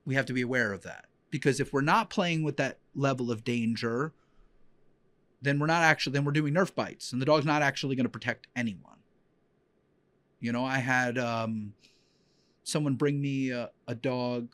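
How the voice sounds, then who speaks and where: A man's voice: mid-range voice, moderate pace, a bit bright, no room sound. A man hosting a podcast as a dog trainer, telling personal stories in a heartfelt, rambling way with many fillers and restarts. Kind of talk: emotional personal storytelling.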